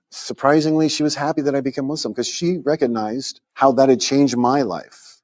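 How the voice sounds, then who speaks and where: A man's voice: mid-range voice, steady tone, a little fast, few pauses, a little mellow. A man in an interview, telling his own life story and acting out the voices of people he quotes. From United States. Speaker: interviewee, convert to Islam. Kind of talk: personal testimony in an interview.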